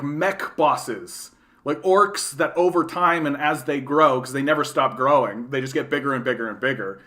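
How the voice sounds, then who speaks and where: Hosting a laid-back livestream, a Canadian-accented man talks in a fairly high, fairly bright voice. His talk wanders, includes swearing, and is often capped with a tagged-on "right?".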